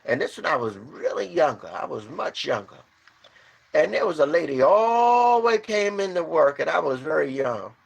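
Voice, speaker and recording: A man's voice: sing-song, moderate pace, creaky, husky. A man telling a story and preaching informally. He talks emphatically, repeats his rhetorical questions, and stumbles over restarts. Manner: storytelling, swinging from low to loud.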